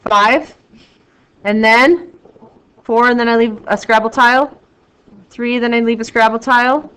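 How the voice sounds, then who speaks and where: A woman teaching a math lesson to a class, loud and excitable, joking about herself as she works through problems. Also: on the high side, measured pace, low-quality recording. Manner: loud, excitable, self-mocking.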